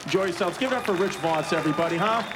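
A man's voice: high voice, lively intonation, very fast, a crowd in the background, background noise. A man closing a stand-up set in a crude, rambling, profane way. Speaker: stand-up comedian. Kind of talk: stand-up set and backstage banter.

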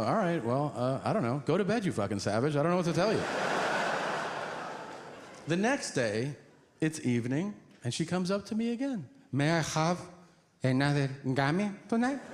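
A man telling a stand-up story, acting out characters in shrieking high voices and talking in profane, fast bursts. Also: darkish tone, a little hiss or hum. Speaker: stand-up comedian.

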